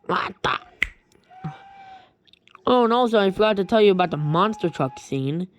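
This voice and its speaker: A woman retelling a creepy story in a rambling, halting way with many restarts. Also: medium pitch, expressive, slight background noise.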